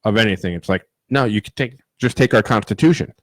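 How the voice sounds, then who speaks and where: A man's voice: lowish voice, quick pace, no room sound. A man co-hosting a casual podcast chat, joking and talking over the others. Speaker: podcast co-host.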